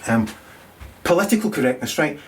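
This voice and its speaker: A middle-aged man rambles through a crude comic monologue. He swears freely, trips over his own restarts and chuckles at his jokes, his voice sitting a touch high for a man. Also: animated, brisk, slight background noise. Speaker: comedian.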